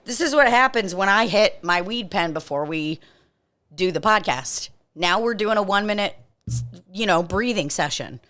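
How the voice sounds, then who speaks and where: A woman's voice: medium pitch, lively intonation, normal speed, fairly bright tone. A woman co-hosting a podcast in casual comedic chat, joking and laughing often. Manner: joking, laughs often, leads a mock breathing exercise. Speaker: podcast co-host.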